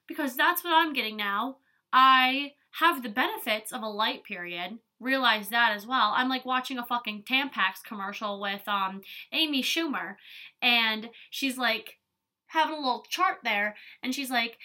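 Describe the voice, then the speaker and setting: Young female podcast host, higher-pitched and sharp-toned, candid and profane, loose chatty delivery. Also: normal speed. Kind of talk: casual chat.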